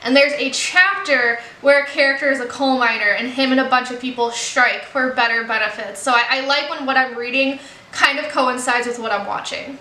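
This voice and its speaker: A woman's voice: high voice, sharp tone. A young woman in a casual film review, chatty and earnest, with lots of "like" and "you know" fillers. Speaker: movie reaction vlogger. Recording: roomy echo.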